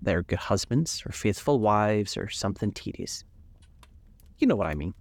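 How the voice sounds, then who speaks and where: A man voicing a cold, vain young gentleman in a storybook reading, languid and dismissive. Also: fairly low pitch, lively intonation, normal speed, vocal fry, no echo. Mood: aloof.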